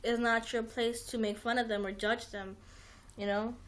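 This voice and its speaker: A woman's voice: a little high, little pitch movement, moderate pace, a bit bright. A young adult woman hosting a livestream, chatting casually in a rambling way, full of "like" and restarts, with some swearing. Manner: rambling, heavy use of "like", frequent restarts, swears. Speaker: livestream host.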